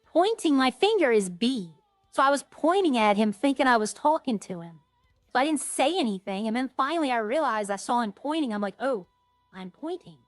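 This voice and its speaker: A woman with a slightly high voice chats casually as she streams a game, rambling and thinking aloud. Her voice sounds close and dry, with faint music underneath. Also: lively intonation, brisk, dry recording. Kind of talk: casual gameplay chat.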